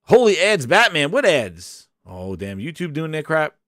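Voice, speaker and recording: A man hosting a casual live stream, hyped and shouting out viewers, his voice hoarse after a long day. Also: on the high side, huge pitch swings, normal speed, dry recording, studio quality. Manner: hyped, shouts out chat names.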